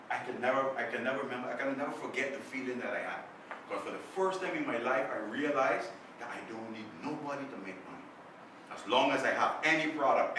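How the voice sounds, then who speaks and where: A man giving a motivational talk to a club, telling a story and acting out the voices in it. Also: medium pitch. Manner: animated storyteller, acts out quoted voices. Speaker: guest speaker. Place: club meeting room. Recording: echoey room, distant mic, faint noise.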